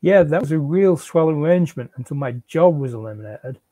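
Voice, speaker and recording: A man's voice: a little high, animated, a little fast, dark tone, no echo. A man in a live reading, voicing a defensive, pleading unemployed husband and father.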